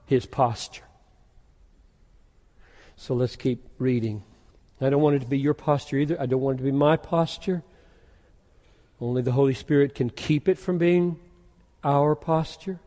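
A pastor preaching a sermon, moving from quiet musing into loud, intense emphasis. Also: male voice, medium pitch, fairly even intonation, normal speed, long pauses. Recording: echoey hall with long reverb.

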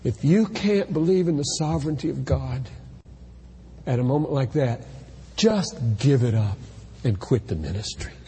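A male pastor delivers an impassioned sermon in a church, his voice swelling to shouts at the emotional peaks. His voice sits at an ordinary middle pitch and carries a long reverb from the hall. A faint hiss of room noise sits underneath. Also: lively intonation, moderate pace. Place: church sanctuary.

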